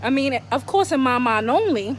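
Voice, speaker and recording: A high-pitched woman tells her own story to camera in a casual vlog. She swears freely, asks herself dramatic questions and answers them, and keeps the telling lively. A faint hum of background noise sits under her voice. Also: normal speed. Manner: animated, profane, dramatic rhetorical questions. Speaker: vlogger telling a personal story.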